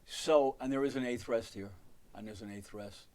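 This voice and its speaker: A man's voice: mid-range voice, moderate pace, a little mellow. Man counting rhythms at the piano. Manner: counts and sings rhythms aloud while playing, rambling asides. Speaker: piano teacher. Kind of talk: live online music lesson.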